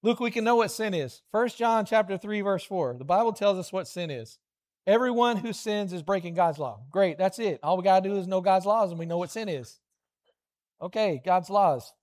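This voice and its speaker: A man, middle-aged, preaching a lively children's sermon, animated storytelling with playful voiced asides. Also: high-pitched, moderate pace.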